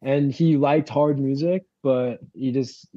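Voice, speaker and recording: A man's voice: mid-range voice, fairly even intonation, takes it slowly, warm tone, no room sound, highs cut off. Laid-back young man with Long Island accent. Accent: Long Island New York. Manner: laid-back, rambling, swears freely, many fillers. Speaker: band frontman, guest. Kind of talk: casual interview storytelling.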